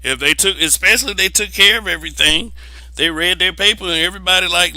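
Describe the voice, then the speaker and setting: A man's voice: sits high, fast talker, bright, forceful tone, no echo, poor audio. A young man giving blunt, profane opinions in a casual monologue, repeating words as he presses his point.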